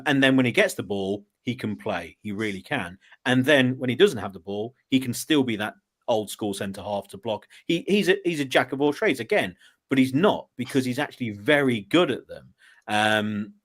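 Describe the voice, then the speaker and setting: A man's voice: mid-range voice, moderate pace. A man guest on a sports podcast, talking in a chatty, rambling way with frequent fillers and restarts. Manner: chatty, rambling, laughs at his own asides. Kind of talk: casual podcast chat.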